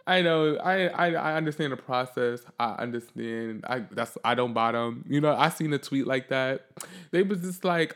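A man hosting his own podcast alone, talking off the cuff in a blunt, profane, sassy way, swinging between loud outbursts and low muttering. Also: lively intonation, normal speed. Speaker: podcast host. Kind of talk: solo podcast monologue, unscripted.

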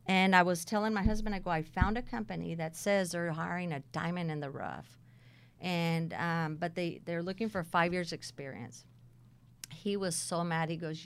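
A middle-aged woman casually telling her career story, blunt and animated, acting out the dialogue. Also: lowish voice, normal speed, clean tone.

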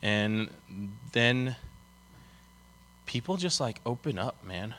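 A man's voice: mid-range voice, sing-song, slow, fairly bright tone. A young man from Colorado, a pastor giving a casual sermon, chatty and full of fillers as he tells stories. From Colorado, USA. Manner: casual and chatty, many fillers, storytelling with acted quotes. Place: church.

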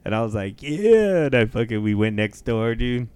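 Male podcast co-host with a lowish voice, profane and animated, who acts out the voices in his stories. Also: fairly quick, smooth. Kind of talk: casual storytelling chat.

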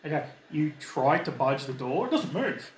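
Lively man running a tabletop game. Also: a little high, moderate pace. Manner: casual, lively, loose narration. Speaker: game master. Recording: echoey room with faint noise.

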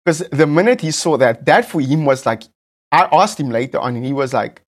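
A man with a South African English accent, a podcast host telling a personal story in a camp, animated, casual way, repeating phrases for effect. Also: fairly high pitch, fairly quick.

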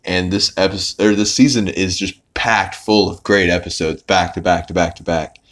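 A man with a fairly low voice talks through a cartoon episode in loose, casual podcast chat. He rambles, leans hard on filler words and throws in the odd curse. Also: fairly even intonation, normal speed, a bit bright. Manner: rambling, full of "like" fillers, swearing. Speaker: podcast host.

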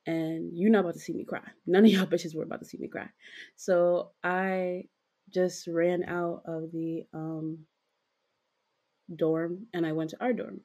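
Young female podcast co-host, low warm voice, giggly and rambling, filler-heavy casual storytelling. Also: flat delivery, measured pace.

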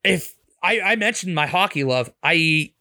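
His voice a little high and bright, this man from Pittsburgh, USA talks at a measured pace with lively intonation and a forceful tone. He hosts a podcast in a Pittsburgh accent, offering blunt, opinionated football picks with plenty of swearing, as casual sports betting commentary.

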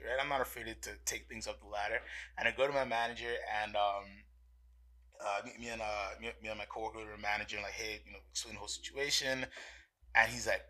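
A man's voice: fairly low pitch, steady tone, fast, bright, forceful tone. A young man telling a casual story about his sales career, rambling, with many fillers and restarts.

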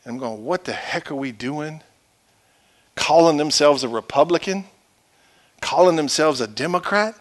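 A male pastor preaching a sermon in a church, swinging from loud shouted peaks to quiet low asides. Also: animated, moderate pace, pauses often.

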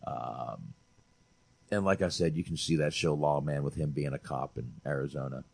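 This man co-hosts a movie review podcast, his voice a creaky, rumbling low tone at a moderate pace, recorded without echo. He chats casually and with animation, swearing freely and calling his friend "dude."

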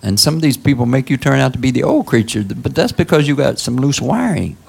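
A man delivers a sermon with a gravelly, husky voice. He talks to the congregation conversationally, tossing out questions and jumping into high, excited exclamations for emphasis. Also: fast. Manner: conversational preaching with call-outs like "Huh?" and sudden high exclamations. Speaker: pastor.

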